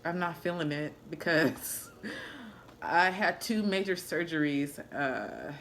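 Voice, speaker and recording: A young woman, a new mother, chatting casually in a vlog with a deep, low voice, laughing often as she talks. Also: lively intonation, slow pace, fairly bright tone, a little hiss or hum. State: recovering after childbirth.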